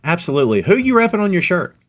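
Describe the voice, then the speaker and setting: A middle-aged man hosting a podcast in casual chat, animated, his voice jumping up when he gets excited. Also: high-pitched, racing. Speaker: podcast host.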